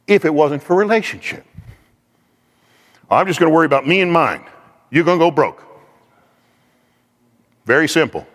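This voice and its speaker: A man giving a faith-based teaching talk in a lively, conversational way, acting out quoted speech. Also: on the high side, long reverb tail.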